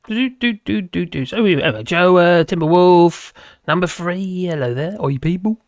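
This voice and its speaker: A man's voice: sits high, expressive, normal speed, dry recording, studio quality. A man hosting a live stream, chatting casually with viewers and rambling between topics while laughing often.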